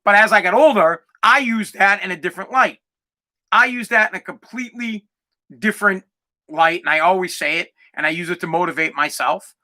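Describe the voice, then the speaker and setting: A man's voice: high voice, fairly quick, sharp tone. A man in his forties hosting a solo podcast, talking in an emphatic, profane, fired-up way. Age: 40s. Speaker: podcast host.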